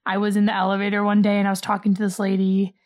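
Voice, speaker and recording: A woman's voice: mid-range voice, monotone, very fast, a little mellow. A young American woman, a singer who hosts a podcast, chatting animatedly with a voice worn out from a full day of singing. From United States. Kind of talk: casual chat.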